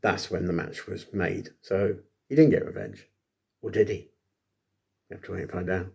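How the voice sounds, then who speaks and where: A man's voice: deep voice, steady tone, moderate pace, gravelly, darkish tone, husky. A man recapping a wrestling show in a rambling, self-deprecating way, full of ums and asides. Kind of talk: casual solo recap.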